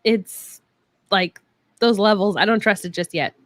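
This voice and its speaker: A woman cohosting a casual chat on a video call, chatty and joking and quick to laugh. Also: medium pitch, no room sound.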